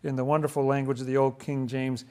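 A man's voice: mid-range voice, flat delivery, quick pace, a little mellow, smooth. A man leading a casual Bible study, explaining passages with enthusiasm and asking questions as he goes.

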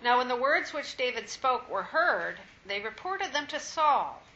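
Female scripture reader, steady and measured, slightly high bright voice. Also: muffled recording, a little hiss or hum. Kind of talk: reading scripture aloud.

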